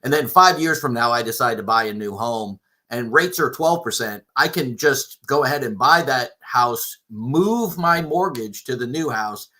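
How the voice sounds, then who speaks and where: A man hosting a live mortgage show, talking casually, with halting restarts and questions put to his co-host. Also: medium pitch, animated, sharp tone. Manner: hesitant, repeats words, asks questions.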